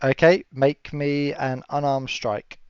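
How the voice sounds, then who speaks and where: A man's voice: mid-range voice, little pitch movement, slow pace, darkish tone, smooth, no echo. A man running a tabletop game as game master, chatting casually with fillers and laughing asides. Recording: dull lo-fi audio with a dry sound.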